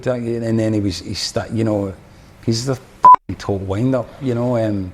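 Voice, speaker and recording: A Scottish man with a lowish voice tells a long story about his band days. He talks loosely, circling back and restarting phrases as he goes. It sounds like relaxed podcast chat. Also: moderate pace, background noise. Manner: rambling anecdotes with many restarts and fillers. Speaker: podcast guest, former band drummer. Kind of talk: casual storytelling.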